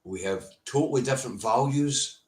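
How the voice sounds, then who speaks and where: A man's voice: medium pitch, moderate pace. A man with a Scottish accent hosting a casual live stream, blunt and sweary, answering viewers' comments by name. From Scotland. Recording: roomy echo.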